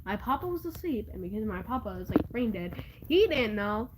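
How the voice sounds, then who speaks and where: A teenage girl casually telling childhood stories, rambling and halting with many fillers and restarts, often giggling. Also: medium pitch, big pitch swings, noisy background. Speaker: vlogger. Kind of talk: casual storytelling.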